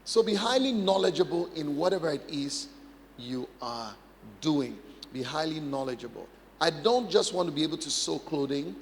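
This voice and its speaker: A man's voice: on the high side, lively intonation, normal speed, big-room sound, a little hiss or hum. A man preaching a sermon as pastor, emphatic, repeating phrases and asking the congregation questions.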